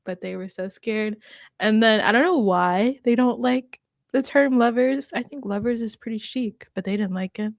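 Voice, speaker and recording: A woman's voice: a little high, moderate pace, creaky, no echo, studio quality. A woman hosting a casual reaction chat, talking with laughs and acting out quotes. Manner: chatty, laughs often, acts out quotes. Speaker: host.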